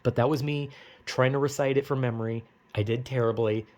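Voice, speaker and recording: A man's voice: mid-range voice, fairly even intonation, brisk, a little mellow. A young man rambling through a movie recap from memory, profane and full of fillers. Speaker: vlogger.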